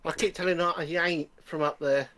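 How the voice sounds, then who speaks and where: A man from London speaks with a London English accent, his voice a bit high for a man. He sounds friendly and laid-back as he calls into a live stream. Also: steady tone, fairly quick, sharp tone. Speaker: viewer caller. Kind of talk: casual stream chat.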